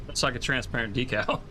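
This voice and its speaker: A man streaming a farming game, chatting casually and excitably, rambling with swears and laughs. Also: medium pitch, slight background noise.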